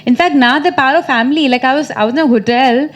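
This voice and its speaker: A woman's voice: sits high, quick pace. A woman in her thirties answering questions at a press conference, chatty and teasing, laughing often. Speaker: actress at a press meet.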